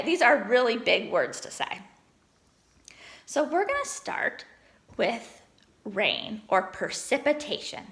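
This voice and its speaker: Woman teacher, young children's online lesson; high, very animated, encouraging. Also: creaky. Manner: encouraging, sounds words out slowly.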